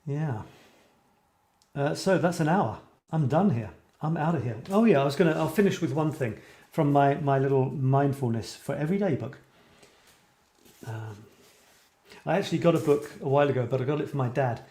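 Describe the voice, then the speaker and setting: A man's voice: a little high, moderate pace, long pauses, dark tone, reverberant. A middle-aged man from Scotland hosting a creative writing show, chatting casually and rambling as he answers viewers. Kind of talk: casual live-stream chat.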